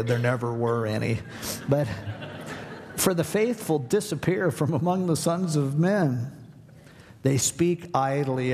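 A man preaching a sermon, conversational and humorous, animated as he tells a story. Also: mid-range voice, big-room sound. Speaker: pastor.

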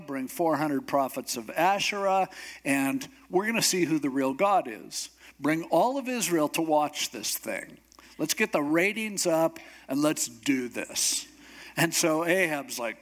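A man preaching a sermon as a pastor, telling a story with humor and acting out the characters' voices. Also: fairly high pitch. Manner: animated, acts out voices of characters; humorous asides.

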